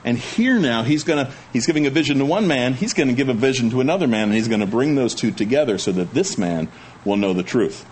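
A man's voice: medium pitch, animated, quick pace, darkish tone, slight background noise. A male pastor preaching a sermon, reading scripture aloud and then explaining it in a chatty, folksy way with joking asides to the congregation.

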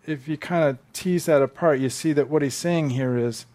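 A man's voice: fairly high pitch, moderate pace, warm tone. A man preaching a sermon, telling stories conversationally and acting out quotes with animation. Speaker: pastor. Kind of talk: sermon with storytelling.

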